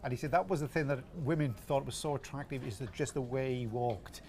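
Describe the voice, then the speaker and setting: A man's voice: mid-range voice, fairly quick, darkish tone, a little hiss or hum. A man commentating in casual chat, chatty and anecdotal with a jokey streak.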